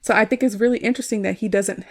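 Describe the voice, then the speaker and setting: A woman's voice: medium pitch, steady tone, racing. A woman hosting a podcast, chatting casually about a movie, with a lot of "like" and frequent laughs. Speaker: podcast host. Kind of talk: casual movie review chat.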